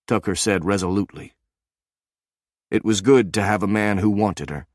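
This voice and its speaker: A man narrates a romance audiobook in a measured, even manner. His voice sits low, and the recording is dry and close with no room sound. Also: no room sound.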